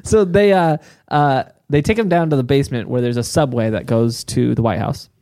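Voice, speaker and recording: A man's voice: medium pitch, normal speed, darkish tone, clear, resonant tone, no echo. A man co-hosting a comedy podcast, telling the story and laughing often as he goes.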